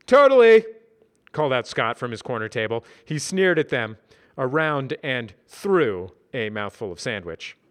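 A man narrating a story in a dry, measured reading. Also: medium pitch, expressive, fairly bright tone. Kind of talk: audiobook reading.

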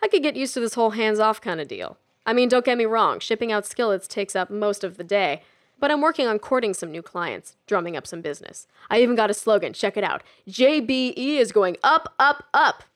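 A woman doing a loud, smug salesman man. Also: animated, brisk, lightly acted. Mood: boastful. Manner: loud, boastful showman pitch. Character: brash, smug man selling kitchen gadgets.

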